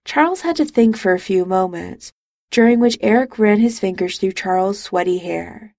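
A woman narrating a romance audiobook in calm, even storytelling, recorded on a close studio mic. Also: mid-range voice, normal speed, vocal fry, no echo.

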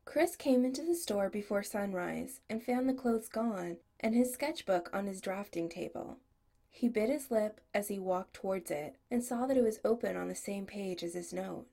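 A woman's voice: medium pitch, moderate pace, gravelly, warm tone. A woman narrating a story as an audiobook reader, giving each character a voice. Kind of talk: audiobook reading.

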